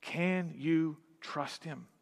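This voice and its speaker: A man preaching a sermon as pastor, emphatic, with dramatic pauses, dropping to a hush and then swelling again. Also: fairly high pitch, gravelly. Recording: long reverb of a large hall.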